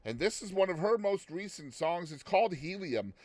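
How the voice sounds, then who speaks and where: A man's voice: sits high, lively intonation, normal speed, darkish tone, dry recording. A man from Boston hosting a music show, talking in a loose, chatty way with lots of ums. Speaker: radio show host.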